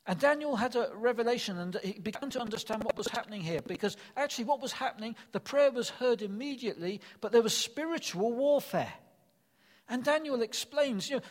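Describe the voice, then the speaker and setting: A man's voice: high-pitched, long reverb tail. An older man preaching a sermon, earnest and emphatic, repeating his key phrases.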